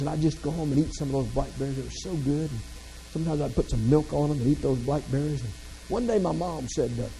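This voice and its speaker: A man's voice: mid-range voice, creaky, mellow, long reverb tail, rough recording. A man from the American South, giving a motivational keynote full of folksy, self-deprecating humor. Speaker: motivational speaker.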